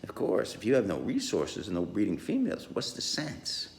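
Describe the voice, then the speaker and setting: A man's voice: on the low side, wildly swooping pitch, normal speed, creaky, reverberant, slight background noise. A man rambling through a solo podcast monologue, full of fillers and restarts, with chuckles along the way.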